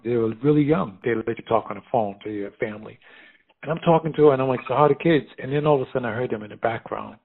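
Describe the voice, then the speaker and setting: Middle-aged American man, husky voice, spirited storyteller who laughs easily; narrow phone-like audio. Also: mid-range voice. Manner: animated, laughs often, lively retelling with quoted voices. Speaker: fashion designer guest. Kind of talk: casual storytelling conversation.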